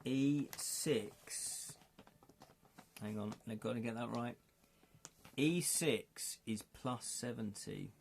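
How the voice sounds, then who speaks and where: A man's voice: mid-range voice, takes it slowly, gravelly, pauses often, a little hiss or hum. A man hosting a live stream, chatting casually and joking with his viewers while reading through a gamebook. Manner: chatty, jokey, talks to chat, laughs often. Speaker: livestream host reading a gamebook.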